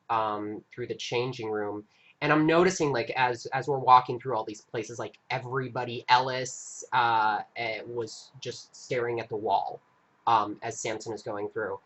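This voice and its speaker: A man with a bright, forceful voice tells a story on his live stream. He talks casually and earnestly, often stopping to restart his sentences as he goes. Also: medium pitch. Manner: earnest, halting recounting with frequent restarts.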